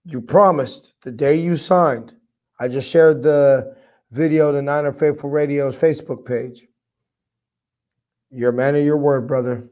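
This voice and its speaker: A man's voice: a little high, fairly even intonation, a little slow, lo-fi sound. A man hosting a fan sports podcast, fired up, profane and rambling with lots of "I mean". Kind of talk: casual fan commentary.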